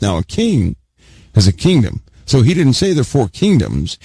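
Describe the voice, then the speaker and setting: A man's voice: mid-range voice, very animated, normal speed, mellow, slightly rough, dry recording. A man teaching a Bible sermon emphatically, repeating key words and putting questions to his listeners. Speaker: preacher.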